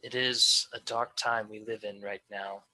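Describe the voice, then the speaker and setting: A man's voice: fairly low pitch, fairly even intonation, unhurried, bright, forceful tone, heavily acted, poor audio. A man playing a solemn elven wanderer.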